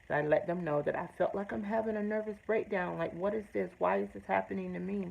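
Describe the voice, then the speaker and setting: A woman's voice: medium pitch, fairly even intonation, quick pace, vocal fry, narrow, tinny audio. A woman hosting her own show, telling a personal story in an earnest, emphatic way with blunt, salty language. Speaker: host. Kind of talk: personal testimony to camera.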